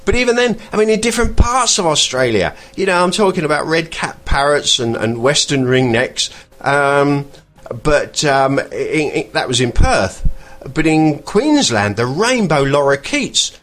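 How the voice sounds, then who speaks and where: A man hosting a podcast, chatting in a rambling way and pausing to search for words. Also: fairly high pitch, lively intonation, a bit bright, soft background music. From England. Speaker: podcast host. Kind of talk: casual podcast monologue.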